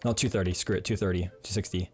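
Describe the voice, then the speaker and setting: A man's voice: low-pitched, steady tone, fast, over music. Playful stammering male game streamer. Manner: playful, joking, stammers and repeats words. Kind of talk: live gameplay commentary.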